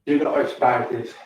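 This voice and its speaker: An older man, chatting crudely and laughing with viewers on a livestream, tired and rambling. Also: medium pitch. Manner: crude, swearing, laughing often. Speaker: livestream host. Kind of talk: rambling casual chat to viewers. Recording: echoey room, distant mic, faint noise.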